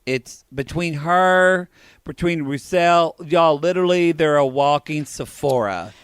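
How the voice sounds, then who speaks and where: A man's voice: on the high side, measured pace, clean tone, dry recording, studio quality. A man co-hosting a podcast, recapping reality TV in bawdy, jokey casual chat. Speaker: podcast co-host.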